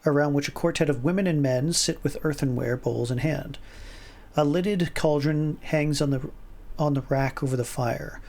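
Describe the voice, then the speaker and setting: A man streaming himself reading an interactive fiction game aloud, often stumbling and rereading words, with asides of his own. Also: a little high. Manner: stumbles and rereads words, chuckles, puts on voices for lines.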